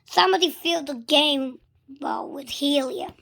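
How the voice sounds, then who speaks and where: A woman voicing an excited fan shouting from the bleachers in a storybook reading. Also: sits high, unhurried, creaky, full character voice. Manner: loud, exclaiming.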